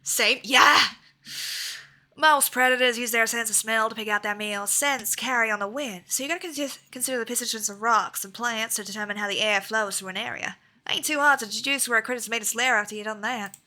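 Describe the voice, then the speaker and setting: A woman's voice: on the high side, steady tone, brisk, bright, forceful tone. A woman voicing a swaggering male hunter from a video game, reading his lines in a put-on American Southern drawl with a folksy way of talking. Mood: cocky, folksy. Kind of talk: reading game dialogue aloud.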